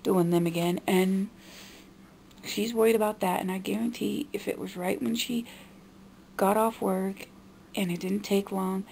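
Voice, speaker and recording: A young woman venting to her camera with a frustrated edge, talking at a middle pitch. Her voice has a gravelly, fried texture, and a faint hiss of noise sits under it. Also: steady tone, unhurried, long pauses, dark tone. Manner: frustrated, mimicking others in a high nagging voice. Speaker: vlogger. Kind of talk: venting monologue.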